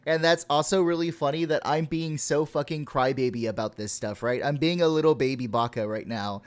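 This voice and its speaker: A man's voice: on the high side, brisk, few pauses. Ranting, profane podcast guy. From Texas. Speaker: podcast co-host. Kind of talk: casual podcast chat.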